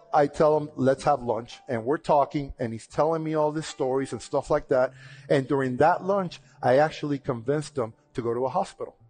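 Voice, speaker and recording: Man telling a lively personal testimony. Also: a little high. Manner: lively, conversational retelling with repeated "and, and" restarts. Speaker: speaker sharing a personal testimony. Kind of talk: casual storytelling testimony.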